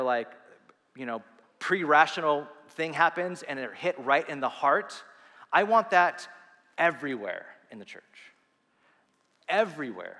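Male pastor preaching, bright and forceful, earnest with restarts, long hall reverb. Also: mid-range voice. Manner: animated, earnest, with quick asides and restarts. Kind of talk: sermon.

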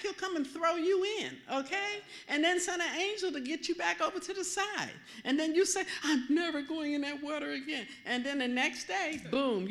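A high-pitched woman minister delivering a sermon. She preaches in a chatty, animated way and keeps checking in with her audience. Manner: animated, conversational, often asks the audience questions.

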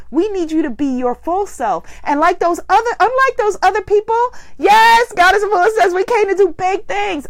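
High-voiced woman preaching self-empowerment. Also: dry recording. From Guyana. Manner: animated, preacherly, affirming the listeners. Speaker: host of a spiritual group call. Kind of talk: inspirational live talk.

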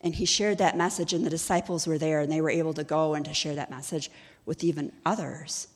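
A woman's voice: deep voice, fairly even intonation, fairly quick, big-room sound. A woman giving a sermon-style teaching in a conversational, storytelling way, often asking her listeners questions. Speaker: ministry executive director teaching.

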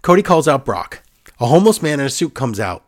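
Podcast co-host, male, sarcastic and exasperated, animated delivery. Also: medium pitch, brisk. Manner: sarcastic, exasperated, mocks the booking with put-on quotes. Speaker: podcast co-host recapping wrestling. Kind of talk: casual podcast chat.

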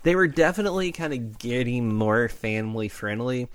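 A man's voice: mid-range voice, animated, normal speed. A man co-hosting a podcast, retelling old wrestling moments in casual chat, enthusiastic and full of "like". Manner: enthusiastic, fillers like "like". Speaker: podcast co-host.

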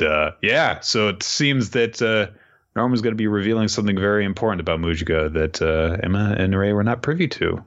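A man co-hosting a casual chat, recapping a story in a relaxed way and laughing often. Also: low-pitched. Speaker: podcast co-host. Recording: muffled lo-fi audio.

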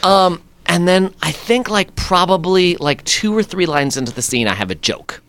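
A man, an actor guest, telling lively anecdotes in a conversation, acting out what people said. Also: high-pitched, normal speed, a little hiss or hum. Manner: lively anecdotes with acted-out quotes and laughs. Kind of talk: animated storytelling in conversation.

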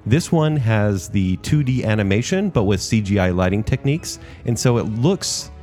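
A man co-hosting a casual movie review chat, enthusiastic and quick to laugh. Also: on the low side, animated, warm tone, soft background music. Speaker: co-host.

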